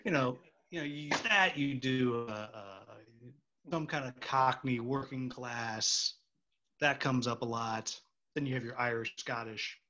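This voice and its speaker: A man's voice: mid-range voice, fairly bright tone, a little hiss or hum. Guy hosting a chat, rambly and jokey, slightly dull audio. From United States. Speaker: host, stage actor. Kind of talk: casual interview chat.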